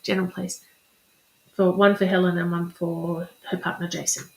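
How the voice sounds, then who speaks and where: A woman's voice: on the low side, little pitch movement, moderate pace, darkish tone. Chatty encouraging woman in echoey room. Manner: chatty, encouraging, repeats affirmations. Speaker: spiritual reader and coach. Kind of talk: live-streamed motivational talk. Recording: roomy echo.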